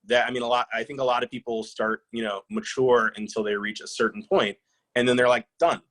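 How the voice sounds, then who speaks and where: A man's voice: medium pitch, steady tone, a little fast, fairly bright tone, rough recording. A man in his thirties or forties, answering interview questions in a reflective, anecdotal way with many fillers and restarts. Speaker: author being interviewed.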